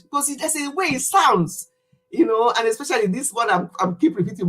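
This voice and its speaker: A woman's voice: mid-range voice, lively intonation, a little fast, breathy edge. A Nigerian woman in her fifties, chatting animatedly to camera in a casual vlog monologue and laughing easily. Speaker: vlogger.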